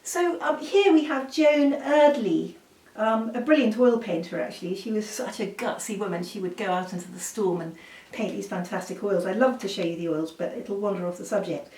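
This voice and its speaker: This woman art teacher speaks briskly with few pauses, in a medium-pitched voice with a darkish tone, as she demonstrates drawing at the easel. Her chatty delivery is packed with fillers and apologetic asides, and the distant mic catches a roomy, echoey space with faint noise.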